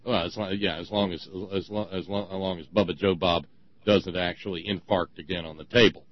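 A man co-hosting a talk show, talking in a sarcastic, ranting way with many halting restarts. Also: sits low, fairly even intonation, dull audio. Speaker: podcast co-host. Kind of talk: casual opinion talk.

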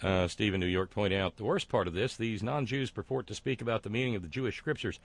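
A man hosting a talk show, delivering sardonic, wry commentary with frequent fillers and halting restarts. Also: fairly low pitch, no echo.

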